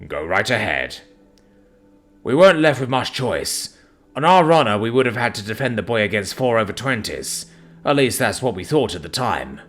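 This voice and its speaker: A man's voice: fairly low pitch, very animated, normal speed, a bit bright, voice pushed up. A man voicing a young male orc warrior who speaks respectfully but boldly. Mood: earnest.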